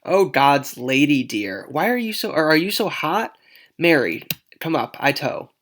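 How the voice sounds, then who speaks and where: A man's voice: fairly high pitch, big pitch swings, unhurried, a bit bright. A man voicing an old nurse who grumbles about her aches and teases as she stalls. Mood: grumbling. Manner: grumbling, teasing, dragging things out. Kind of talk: dramatic read-aloud of a play.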